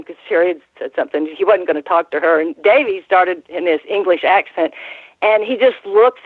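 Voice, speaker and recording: A woman's voice: fairly low pitch, brisk, husky, no echo. A woman in her sixties, a former ring announcer, telling rambling stories in a casual interview and laughing often. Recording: tinny phone line, dry.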